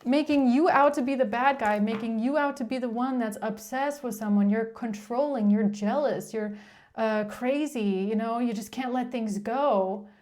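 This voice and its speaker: A woman's voice: on the high side, moderate pace, darkish tone. A woman giving a casual tarot reading, speaking bluntly and with exasperation, swearing freely and rambling through restarts. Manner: rambling, with frequent restarts and filler "like". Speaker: tarot reader.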